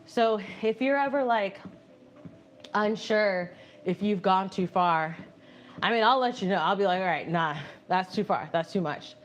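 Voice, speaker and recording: A woman hosting a live stream, chatting casually with viewers while walking on a treadmill, animated and often laughing. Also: mid-range voice, unhurried, slight background noise. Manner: animated, laughing, reads viewer messages aloud and answers them. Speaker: livestream host reading chat. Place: home, indoors on a treadmill.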